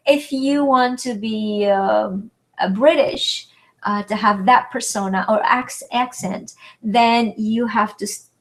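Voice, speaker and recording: A woman whose first language is French, teaching in a webinar lesson, speaking slowly and deliberately and stretching her vowels to enunciate everything. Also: fairly high pitch, rough recording. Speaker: French tutor.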